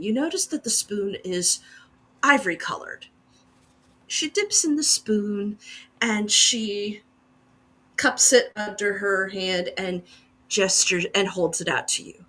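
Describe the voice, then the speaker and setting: A woman's voice: mid-range voice, bright, forceful tone. A woman narrating a tabletop game as game master, describing the scene to the players. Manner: descriptive, unhurried, second-person scene-setting.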